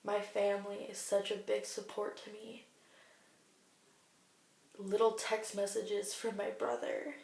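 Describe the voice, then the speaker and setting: Young woman in her twenties, heartfelt diary vlogger, gravelly fry in a flat voice, recorded in an echoey room from a distance. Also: medium pitch, a little slow, pauses often. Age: 20s. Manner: earnest, heartfelt, faith-filled. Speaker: vlogger sharing a cancer diary. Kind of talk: personal video diary.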